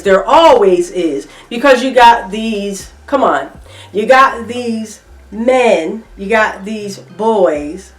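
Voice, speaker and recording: Slow-talking indignant woman, echoey room. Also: on the high side, far from the mic. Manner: emphatic, repetitive, indignant commentary. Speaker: reaction vlogger. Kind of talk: opinion commentary vlog.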